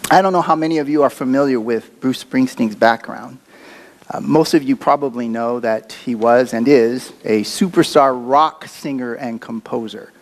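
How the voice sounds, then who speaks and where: A man's voice: mid-range voice, moderate pace. A man preaching a sermon as a pastor, talking in a conversational, reflective way with occasional fillers.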